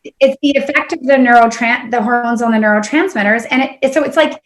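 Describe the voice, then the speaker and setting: Female podcast guest, slightly raised pitch, chatty and candid, lots of fillers. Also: quick pace. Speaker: guest chiropractor. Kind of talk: casual podcast conversation.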